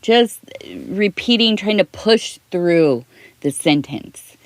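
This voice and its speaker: A middle-aged woman giving a soft-spoken ASMR tea leaf reading, rambling and talking in circles, close to the mic. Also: mid-range voice, animated, takes it slowly, dry recording. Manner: rambling, talks in circles with restarts.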